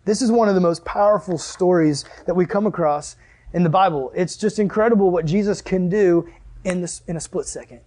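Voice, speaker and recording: A young man preaching to a youth group, telling a story with lively acted-out exclamations and then reading scripture. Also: high-pitched, brisk. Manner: animated storyteller, acts out dialogue with loud exclamations. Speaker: youth pastor.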